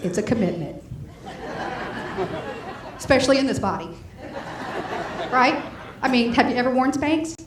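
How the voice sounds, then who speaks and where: Brash, high-pitched middle-aged woman comic doing a bawdy club set, echoey room. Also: expressive, normal speed, pauses often, far from the mic, crowd noise. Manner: bawdy, brash punchline delivery. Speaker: stand-up comedian. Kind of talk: stand-up comedy set. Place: comedy club stage. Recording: echoey club with faint noise.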